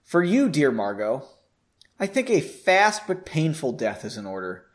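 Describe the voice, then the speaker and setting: A man's voice: a little high, sing-song, measured pace. A man reading as a spiteful gloating mage. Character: spiteful scheming male mage, gloating villain.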